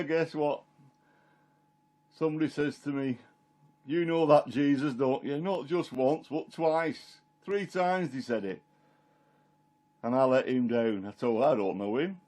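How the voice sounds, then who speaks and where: A man's voice: medium pitch, dark tone, lightly acted. Peter the fisherman, plain-spoken and chatty , played by a man, first-person monologue. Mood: solemn. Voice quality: homely dialect storytelling, plain and chatty. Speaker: Christian storyteller in character.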